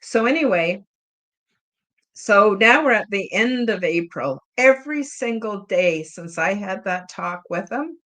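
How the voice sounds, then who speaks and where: A woman podcast host chatting with her live audience. She talks in a loose, rambling way, full of "you know" fillers, and wears her feelings openly. Her voice sits at an ordinary middle pitch for a woman. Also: lively intonation, measured pace, a bit bright. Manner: openly emotional. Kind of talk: casual live-chat storytelling.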